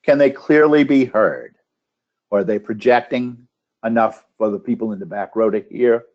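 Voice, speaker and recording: A man with a somewhat low voice teaches a webinar for contest judges. He rattles off a steady string of questions about the speaker's delivery. The audio is muffled and lo-fi, as over a computer mic. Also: normal speed. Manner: asks a string of checklist questions, with restarts. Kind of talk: instructional webinar talk. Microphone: computer microphone on a webinar call.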